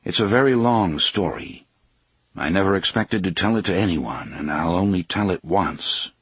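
A man voicing a weathered gunslinger leader, speaking in a measured, solemn, old-fashioned way. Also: low-pitched, fairly bright tone, breathy edge, no room sound. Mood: reserved.

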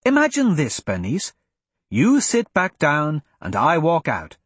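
A curt, impatient young princess, voiced by a male narrator in an audiobook, lifted a little in pitch and clipped in delivery. Husky and dry. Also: wildly swooping pitch, measured pace, a bit bright, no room sound, heavily acted.

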